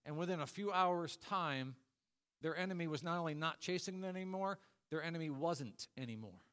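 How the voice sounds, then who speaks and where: A man's voice: a little high, a little fast, fairly bright tone, smooth. A middle-aged man preaching a sermon as a pastor, telling the story with humor and acting out little voices.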